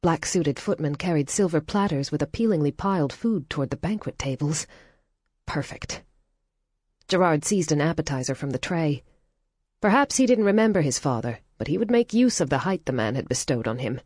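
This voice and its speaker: A woman narrating an audiobook in a measured, even storytelling manner. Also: sits low, slightly rough, dry recording, studio quality. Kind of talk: scripted narration.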